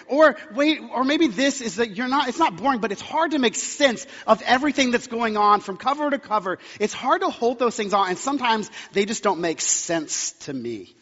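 A young male pastor delivers a sermon in a casual, conversational way, trading in self-deprecating humor and stories. His voice sits high for a man. The sound is muffled and lo-fi, with long reverb from a large church hall. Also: lively intonation, normal speed, sharp tone.

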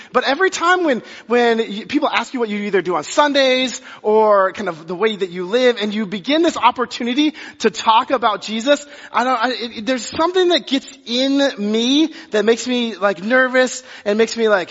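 A pastor in his thirties speaks in a very high-pitched, somewhat bright voice, expressive and at normal speed with few pauses. His sermon in the church sanctuary is conversational, full of fillers and restarts. The sound is muffled, with the long reverb of a hall.

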